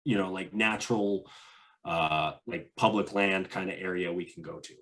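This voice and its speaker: A man's voice: low voice, moderate pace, fairly bright tone, voice pushed down. A man retelling his friend, a curious outdoorsman, asking eager, plain questions.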